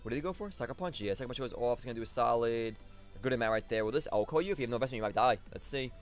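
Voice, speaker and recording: Brief: young male gamer, mid-range voice, excitable play-by-play over faint background music. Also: mid-range voice, racing. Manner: excitable, thinking aloud, talks to opponent. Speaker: competitive battle commentator. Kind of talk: live gameplay commentary.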